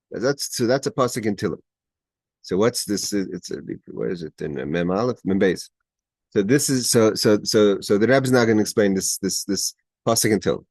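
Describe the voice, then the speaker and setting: A man's voice: fairly low pitch, a little mellow, no echo. Man teaching a text over a video call. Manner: mixes Hebrew quotes with English explanation, frequent restarts; grows emphatic at key points. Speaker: teacher leading a Torah study class. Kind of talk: explaining a Hebrew text line by line.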